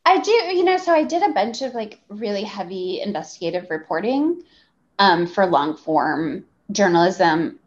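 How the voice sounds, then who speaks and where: A woman's voice: medium pitch, normal speed. Woman telling a story with candid swearing. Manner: animated, profane, full of fillers. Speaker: guest journalist. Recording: slightly dull lo-fi audio.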